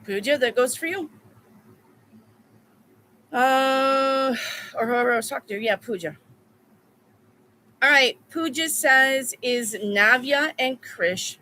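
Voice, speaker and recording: A woman's voice: a little high, pushed and bright, slight background noise, rough recording. A woman reading tarot in a casual live stream, telling stories bluntly with plenty of swearing. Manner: blunt, profane storytelling. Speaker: tarot reader.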